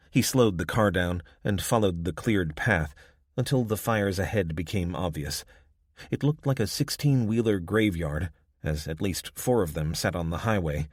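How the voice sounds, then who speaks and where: A man narrating a survival thriller audiobook in a steady, measured way. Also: low-pitched, no echo, clean studio sound. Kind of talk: scripted narration.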